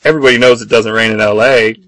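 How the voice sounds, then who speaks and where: A man's voice: medium pitch, dry recording, rough recording. A man co-hosting a podcast, casually recapping a comic with frequent ums. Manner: relaxed, agreeable, halting with ums. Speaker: podcast co-host.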